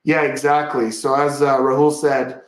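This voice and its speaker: A man's voice: medium pitch, level tone, moderate pace, roomy sound. A man hosting a casual magic livestream, upbeat and chatty, walking through a card trick step by step.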